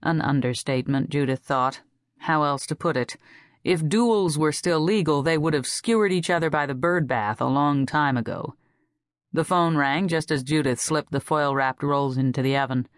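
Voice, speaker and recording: A woman narrating an audiobook in a steady, even storytelling manner. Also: deep voice, normal speed, no room sound, studio quality. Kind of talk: scripted narration.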